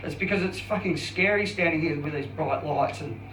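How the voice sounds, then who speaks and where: A man around fifty doing an open mic stand-up set, self-deprecating and halting, with many restarts. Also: on the high side, a bit bright, recorded from a distance, a little hiss or hum. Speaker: stand-up comedian. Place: comedy club stage. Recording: roomy club sound from off mic.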